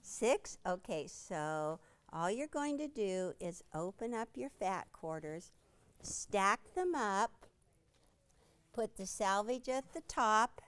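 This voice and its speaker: A woman leads a quilting demonstration in a studio with a small audience listening. She takes her time, talking in a relaxed, playful way and stopping to quiz the room. Her voice comes through clean and smooth. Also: mid-range voice. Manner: chatty, playful, quizzes the audience. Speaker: quilting instructor and show host. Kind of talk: live product demonstration.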